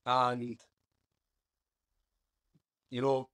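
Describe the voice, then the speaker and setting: A man's voice: mid-range voice, monotone, very slow, fairly bright tone, clean tone. A man, a guest on a podcast, candidly recounting his past in an earnest storytelling manner. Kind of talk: interview.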